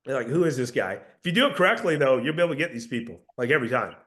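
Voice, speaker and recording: A man's voice: mid-range voice, lively intonation, very fast, a crowd in the background. A man coaching door-to-door salespeople, emphatic and confident, often repeating words as he starts a sentence. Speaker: sales trainer.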